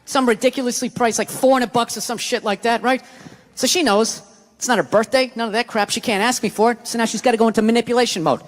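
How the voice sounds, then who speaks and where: A man's voice: very high voice, steady tone, fast talker, fairly bright tone. A middle-aged man with a Boston accent doing stand-up comedy, ranting and profane as he tells a story. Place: theater stage before a live audience. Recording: live theater recording with hall reverb and crowd. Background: audience laughter.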